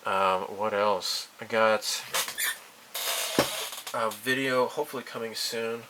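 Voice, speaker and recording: A man's voice: lowish voice, steady tone, slow, very noisy. A man hosting a casual hobby vlog from a cluttered room at home, rambling and hesitant with many fillers. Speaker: hobby channel host. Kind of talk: casual monthly update vlog.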